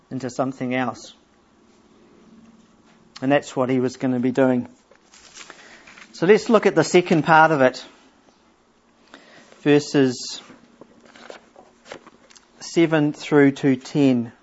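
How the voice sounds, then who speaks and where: A middle-aged man preaching a sermon, explaining scripture earnestly and reading verses aloud slowly. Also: mid-range voice, steady tone, a little mellow. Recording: dull lo-fi church recording.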